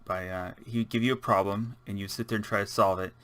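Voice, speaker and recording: A man's voice: fairly low pitch, fairly even intonation, quick pace, a bit bright, dry recording. A man giving rambling, casual let's-play commentary, chatting and muttering to himself as he builds. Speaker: gaming channel host.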